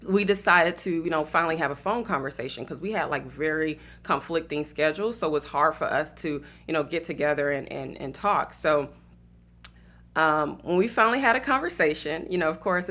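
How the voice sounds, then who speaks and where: A woman's voice: deep voice, a bit bright. Chatty Southern woman telling a story. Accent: Southern US (Atlanta). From Atlanta, Georgia, USA. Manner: chatty, lots of fillers, laughs at her own story, preachy asides. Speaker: speaker giving relationship advice. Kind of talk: casual storytelling monologue.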